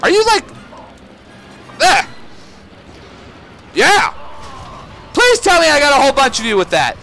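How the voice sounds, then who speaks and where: A man giving let's play commentary on a shooter game, excitable, swearing and yelling at enemies. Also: extremely high pitch, unhurried, creaky. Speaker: gaming YouTuber.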